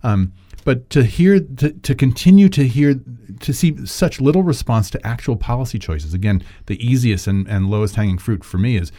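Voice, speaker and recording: A man co-hosting a podcast, talking politics in a casual, animated, digressive way and laughing often. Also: mid-range voice, moderate pace. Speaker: podcast co-host.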